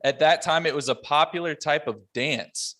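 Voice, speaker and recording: A man hosting a casual podcast roundtable, running briskly through notes and laughing often. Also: fairly high pitch, pushed and bright. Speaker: podcast host.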